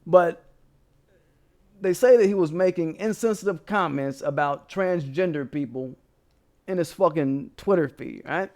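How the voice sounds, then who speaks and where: A man hosting a casual commentary show, telling a story in a profane, animated way and laughing as he goes. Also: fairly high pitch, measured pace.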